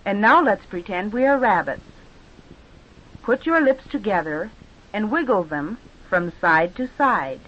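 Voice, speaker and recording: Slow, patient woman leading children's exercises. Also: medium pitch, animated, fairly bright tone. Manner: slow, patient, drawn-out instructions. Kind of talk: guided movement and speech exercises for children. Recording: dull lo-fi recording.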